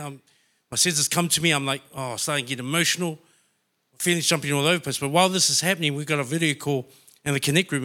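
A man's voice: on the high side, sharp tone. A man from New Zealand telling a personal testimony in church, emotional and heartfelt. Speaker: church member sharing testimony.

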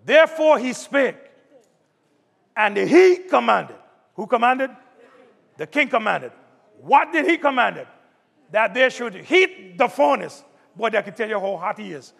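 A man preaching a sermon, calling out to the congregation and building up to shouts. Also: extremely high pitch, big pitch swings, measured pace, gravelly, pauses often. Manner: call-and-response preaching, rising to shouts. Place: church sanctuary. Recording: long hall reverb.

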